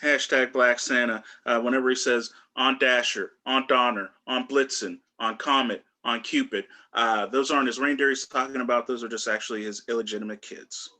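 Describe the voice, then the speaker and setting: Male stand-up comic with a bright, forward tone, rambling and full of fillers, on a video call. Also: medium pitch, fairly even intonation, brisk, few pauses. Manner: loose, rambling delivery with many fillers and restarts. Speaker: stand-up comedian.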